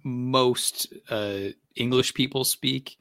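A man's voice: mid-range voice, fairly even intonation, slow pace, a bit bright, clean tone, dry recording, studio quality. A man in a casual podcast chat, thoughtfully explaining with many fillers.

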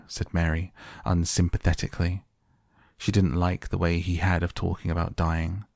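A man narrating a bedtime story in a slow, hushed and gentle way. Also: low voice, level tone, vocal fry, no room sound, studio quality. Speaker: audiobook narrator. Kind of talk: soft bedtime story reading.

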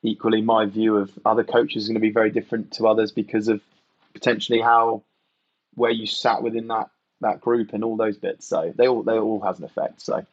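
A man's voice: on the low side, little pitch movement, a little fast, no room sound, muffled recording. A man from England, a podcast guest and former rugby player, talking in a casual, reflective way, often saying "you know" and "mate".

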